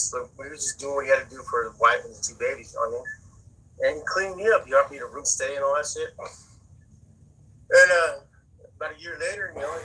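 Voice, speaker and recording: A man with a husky, raspy voice that still cuts through bright and sharp. He talks loosely and profanely in a casual interview, circling back and repeating words as he goes. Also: mid-range voice, low-quality recording. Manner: profane, rambling, repeats words while searching. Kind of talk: casual spoken storytelling.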